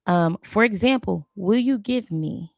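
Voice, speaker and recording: A woman's voice: mid-range voice, measured pace, creaky, no room sound, clean studio sound. A woman hosting a live stream where she studies a language aloud, chatting casually, repeating words and correcting herself as she goes. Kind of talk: casual live study session.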